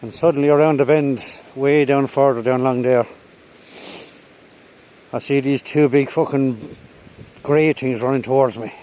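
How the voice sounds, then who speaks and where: A man's voice: mid-range voice, fairly even intonation, normal speed, pauses often, mellow, poor audio. A middle-aged man telling stories casually while walking a woodland path, a little out of breath, recorded on a chest-mounted camera. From Ireland. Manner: rambling, swears casually. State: slightly out of breath. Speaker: vlogger. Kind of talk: casual walking vlog storytelling.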